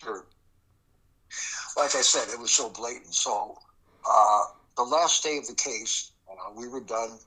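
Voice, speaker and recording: A man's voice: medium pitch, measured pace, pauses often, bright, forceful tone, husky, rough recording. An older man, a former prosecutor recounting a case in an interview, emphatic and acting out the dialogue. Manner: emphatic, acts out quoted dialogue. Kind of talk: storytelling interview.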